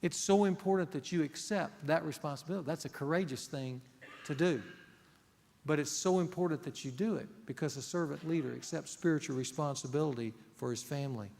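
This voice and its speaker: With a brisk, creaky, fairly high male voice, a pastor gives an earnest, emphatic sermon, leaning hard on certain words, then falling nearly silent. The long reverb suggests a vast church sanctuary as his delivery swings from loud to hushed.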